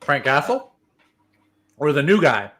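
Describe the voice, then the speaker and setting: A man co-hosting a casual livestream chat about comics, animated and quick to laugh, often restarting his sentences. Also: a little high. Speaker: co-host.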